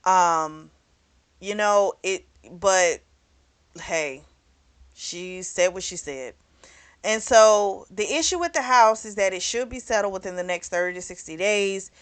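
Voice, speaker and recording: A woman's voice: mid-range voice, unhurried, clear, resonant tone. A woman vlogger recapping a novel in a loose, chatty way, full of "you know" and "like", with the odd curse word. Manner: chatty, loose and frank, with frequent "you know" and "like" and some cursing. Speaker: book club vlogger. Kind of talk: casual spoken book recap.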